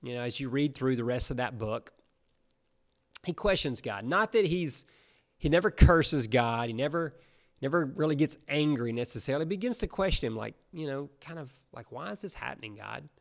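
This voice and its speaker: A man preaching a sermon, retelling a Bible story in a casual, animated way. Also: mid-range voice, normal speed. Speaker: pastor.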